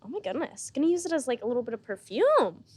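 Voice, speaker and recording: A young woman hosting a podcast, chatting in a deadpan, mock-earnest, playful way. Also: high voice, quick pace, no room sound. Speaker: podcast host. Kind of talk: casual comedic podcast chat.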